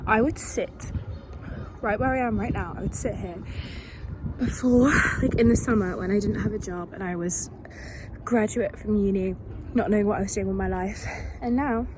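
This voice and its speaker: A young woman in her twenties, chatting casually as a book vlogger, rambling with lots of fillers and sounding a little hoarse. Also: medium pitch, moderate pace, pauses often, background noise. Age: 20s. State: slightly hoarse, losing her voice. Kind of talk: casual vlog chat.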